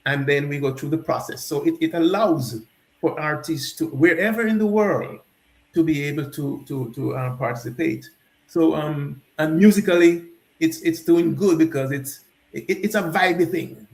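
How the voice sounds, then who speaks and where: This is a Jamaican man, the founder of a festival, appearing as a talk show guest. His voice is distinctly high and his pace moderate. He tells things like a lively story, frequently restarting mid-sentence, while the room gives his voice an echo.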